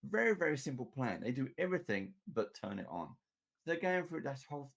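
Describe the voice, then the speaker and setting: A man hosting a casual chat, telling an animated story about running a tabletop game and laughing as he goes. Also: mid-range voice, brisk, vocal fry. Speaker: game master and podcast host.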